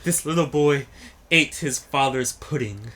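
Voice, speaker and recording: A man's voice: mid-range voice, unhurried, a bit bright. A young man who teaches, co-hosting a casual podcast chat, laughing often and telling anecdotes with acted quotes. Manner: laughs a lot, tells stories with acted quotes.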